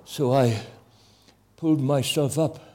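Husky, impassioned preacher man. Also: mid-range voice, slow. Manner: impassioned, with wide swings between loud and hushed. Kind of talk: sermon testimony.

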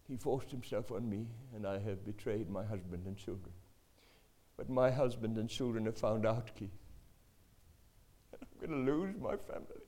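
A desperate young woman, voiced by a preacher, pleads in a hushed, tearful voice. She speaks low and softly. Her words sound close to breaking. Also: a little slow, long pauses. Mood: pleading.

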